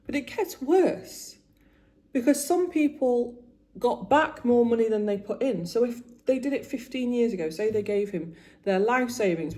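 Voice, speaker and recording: A woman's voice: mid-range voice, warm tone. A woman in her forties chatting casually about her week while doing her make-up, getting emotional and often trailing off and restarting. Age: 40s. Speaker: vlogger.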